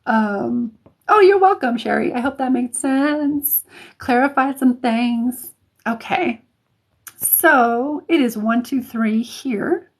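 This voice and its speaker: A woman's voice: high voice, very slow, long pauses, husky. A woman hosting a live stream of intuitive readings, talking casually to viewers, chatty with many fillers and restarts.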